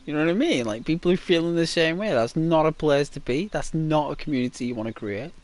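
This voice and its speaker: A man with a Liverpool accent plays a game on his livestream, his fairly high voice animated and fast. He rambles casually to his viewers, constantly adding "right?" and "you know".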